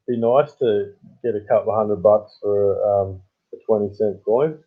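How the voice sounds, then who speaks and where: A man's voice: fairly low pitch, normal speed. An Australian man chatting casually with viewers on a live stream, trading joking, matey banter. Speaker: coin hunting channel host. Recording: tinny phone-like sound.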